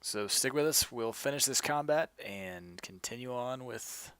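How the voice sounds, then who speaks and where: A man's voice: medium pitch, animated, a little slow, a bit bright, clear, resonant tone, no echo. A man hosting a tabletop game stream, chatting casually and talking to his viewers. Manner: upbeat, addresses the viewers. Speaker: stream host and player.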